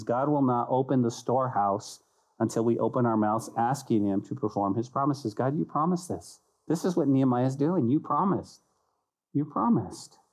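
Man preaching an animated sermon. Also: mid-range voice, poor audio. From United States. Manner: animated, acts out voices and repeats phrases for emphasis. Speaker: pastor.

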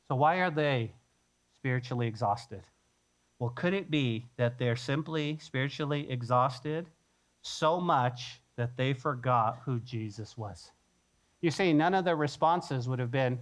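A man preaching a sermon as pastor, animated, acting out the disciples' voices with fillers and asides. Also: on the high side, a little slow, faint music behind.

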